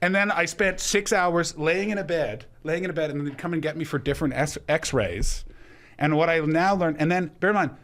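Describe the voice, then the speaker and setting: Man, from Canada, comedian guest, podcast storytelling, animated, swears, voice a bit high. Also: brisk. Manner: animated, acts out other people's lines, swears freely.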